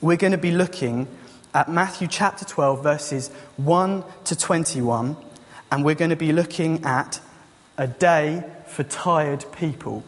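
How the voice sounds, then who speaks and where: A man delivers a sermon in a chatty, joking way, his voice sitting a little high. A long reverb from a church hall trails after his words. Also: unhurried. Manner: casual, joking, conversational. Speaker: youth leader and preacher.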